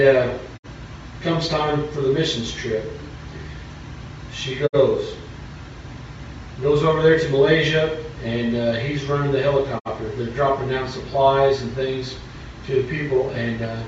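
A man's voice: medium pitch, steady tone, measured pace, a little hiss or hum. Man preaching in an echoey hall. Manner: plain storytelling, rising to fervent preaching. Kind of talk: sermon storytelling. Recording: echoey church from far off, dull.

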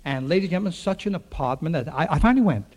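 A man telling a comic stage monologue to a live audience, with quick wisecracks and asides to the crowd. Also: a little high, expressive, darkish tone. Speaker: comedian and radio show host. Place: theater studio with live audience. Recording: faint noise on an old radio recording.

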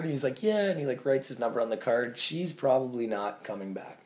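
A man as a podcast guest, telling sales stories in a casual, animated way and acting out bits of dialogue. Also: medium pitch, brisk. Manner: animated storyteller, acts out quoted dialogue. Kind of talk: casual interview talk.

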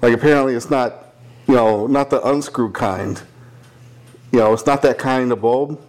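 At normal speed and in a mid-range voice, a young podcast co-host works through a lengthy story in relaxed conversation. He's profane and animated, putting on voices to act out the people involved.

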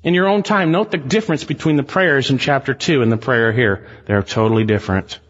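A man's voice: medium pitch, a little fast, big-room sound, highs cut off. A male pastor preaching a sermon in an earnest, emphatic way, speaking straight to his congregation.

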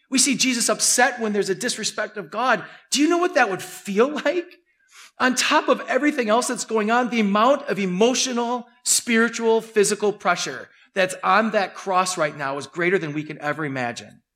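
Animated male pastor, high voice, vivid storytelling sermon. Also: moderate pace. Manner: animated, acting out scenes.

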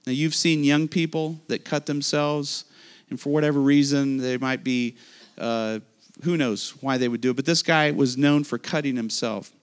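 A man preaching a sermon, animated and speaking directly to his listeners. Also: mid-range voice, moderate pace, clear, resonant tone. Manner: animated preaching with asides to the audience. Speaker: pastor.

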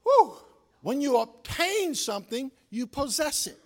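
A man preaching a sermon as pastor. He drags words out with long pauses and repeats lines for the congregation to say back, moving between loud exclamations and soft, low asides. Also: animated.

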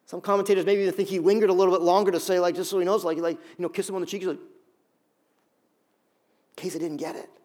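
Man, pastor, middle-aged, high-pitched, animated sermon, quick acted-out voices. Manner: acts out scenes with quick put-on voices.

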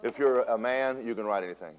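Animated preacher telling a story. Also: male voice, mid-range voice, fast talker. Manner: animated storytelling with big swings in loudness, drops to a hush. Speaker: pastor. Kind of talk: storytelling sermon. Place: church sanctuary.

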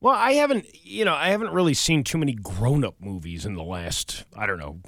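A man's voice: medium pitch, brisk, no room sound. A man co-hosting a morning radio show, joking in casual banter and reading the local news from a studio microphone. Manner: animated, joking, then reads news.

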